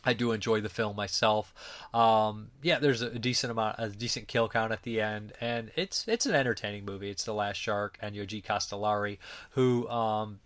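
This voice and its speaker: A man's voice: lowish voice, steady tone, moderate pace, fairly bright tone. A man reviewing films in a casual, rambling way, joking and swearing freely. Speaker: movie reviewer.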